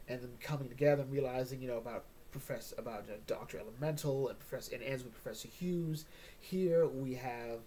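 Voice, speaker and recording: A man's voice: medium pitch, warm tone, a little hiss or hum. A man hosting a casual comic book chat, joking and rambling, often tagging on "all right?". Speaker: comic book podcast host.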